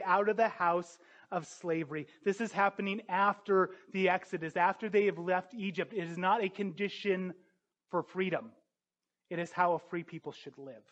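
A man preaching a sermon, earnest and emphatic, building to forceful peaks. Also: a little high, lo-fi sound.

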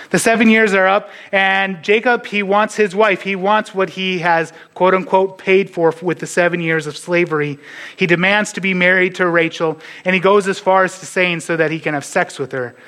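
A pastor preaching a sermon to his church, earnest and sometimes dropping to a hush on key points. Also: on the high side.

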